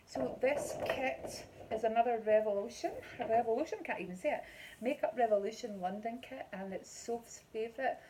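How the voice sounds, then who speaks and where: A woman's voice: fairly high pitch, moderate pace, a little mellow, a little hiss or hum, poor audio. A middle-aged Scottish woman vlogging an unboxing in a casual, rambling way, with many ums. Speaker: beauty vlogger.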